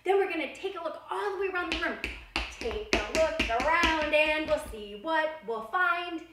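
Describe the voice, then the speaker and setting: A woman's voice: high voice, animated, normal speed, heavy background noise. A woman leading a children's dance lesson, upbeat and encouraging as she counts out the steps. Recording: roomy, distant, loud music behind.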